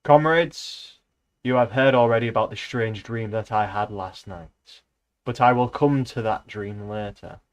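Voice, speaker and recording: A man's voice: lowish voice, unhurried, close to an everyday voice. A man reading as an old boar making a speech. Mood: solemn. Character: old boar addressing the farm animals.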